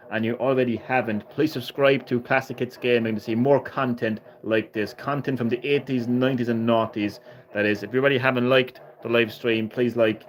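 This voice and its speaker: A young man hosting a gaming livestream, giving live play-by-play commentary full of profane trash-talk and excitable jokes. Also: medium pitch. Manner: brash, profane trash-talk aimed at the game; excitable, jokey, sometimes rushes his words.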